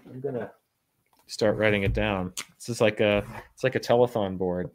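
A man with a somewhat low voice hosts a casual news podcast. He jokes drily and keeps breaking into fillers and restarts. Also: moderate pace, a little hiss or hum. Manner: joking, wry, with many fillers and restarts. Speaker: podcast host. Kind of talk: casual chat reading news.

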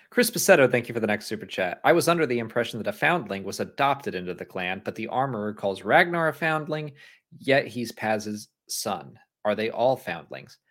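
A man's voice: lowish voice, normal speed. A man co-hosting a live stream, chatting casually, laughing often and reading out viewer messages. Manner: animated, laughs often, reads super chats aloud. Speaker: podcast co-host.

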